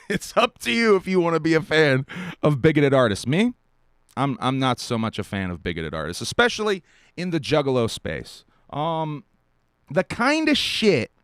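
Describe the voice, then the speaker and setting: A man's voice: mid-range voice, smooth, dry recording, studio quality. Blunt, profane man ranting on a stream. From South Carolina. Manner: blunt, profane, emphatic with short laughs. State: dry mouth. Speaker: podcast host. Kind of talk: live-stream commentary rant.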